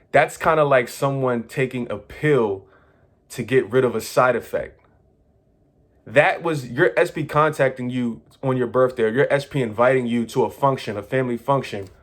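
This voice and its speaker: Earnest man lecturing, steady mid pitch. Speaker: manifestation coach. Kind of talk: motivational monologue to viewers.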